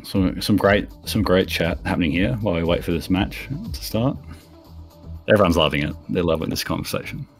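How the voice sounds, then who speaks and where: A very low-voiced man calls an online shooter match as a stream commentator, mixing teasing banter with sudden excited calls. Faint music plays under his headset voice. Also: a little fast. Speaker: esports commentator. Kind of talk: casual esports commentary.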